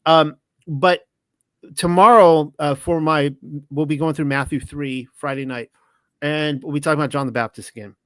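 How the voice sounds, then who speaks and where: Slightly high-voiced rambling man. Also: normal speed, clear, resonant tone, no room sound. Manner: rambling, with frequent restarts and self-corrections; retells stories with lively quoted dialogue. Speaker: podcast host. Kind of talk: casual monologue.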